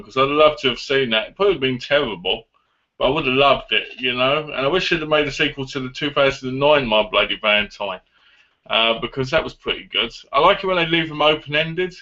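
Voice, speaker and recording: A young man with a mid-range, sharp-toned voice talks fairly quickly, casually answering viewer questions. His chatty manner rambles and keeps correcting itself, and the recording has a dull lo-fi sound.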